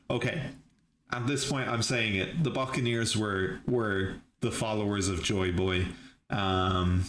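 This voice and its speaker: Low-voiced man recapping an episode in an echoey room. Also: steady tone, measured pace, a bit bright. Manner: thinks aloud with restarts and laughs. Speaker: channel host reviewing episodes. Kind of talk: live reaction and recap. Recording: echoey room with faint hiss.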